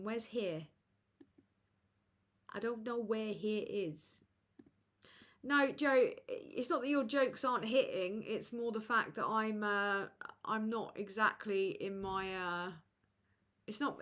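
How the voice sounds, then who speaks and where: Slow, halting woman streamer. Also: medium pitch, a bit bright. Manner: rambling, halting, with many fillers. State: tired and low. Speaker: livestream host. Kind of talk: casual live chat with viewers.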